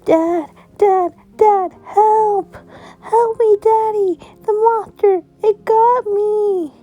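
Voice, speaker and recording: A woman voicing a small, frightened little boy fox in a children's story, with high, shrill, pleading cries. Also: sing-song, slow pace, creaky, dark tone, exaggerated voice. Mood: scared. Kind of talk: storybook character voice.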